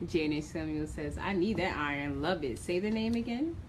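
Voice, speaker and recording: A woman reading viewer comments aloud during a live stream, in a slow, matter-of-fact manner. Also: low-pitched, expressive. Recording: noisy room, voice a bit off-mic.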